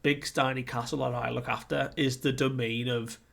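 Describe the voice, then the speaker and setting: A man's voice: mid-range voice, level tone, normal speed, vocal fry, fairly bright tone. A man doing a stern old biker guardian. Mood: rambling.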